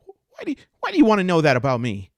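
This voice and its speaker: A man's voice: medium pitch, sing-song, dry recording, clean studio sound. A man voicing a prim, touchy young woman elf who lectures and guards her privacy. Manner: fussy, lecturing, quick to take offense.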